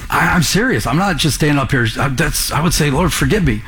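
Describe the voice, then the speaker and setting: A man's voice: on the high side, animated, quick pace, pushed and bright. A man preaching a sermon to a congregation in the room, earnest, pressing them with rhetorical questions. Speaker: pastor.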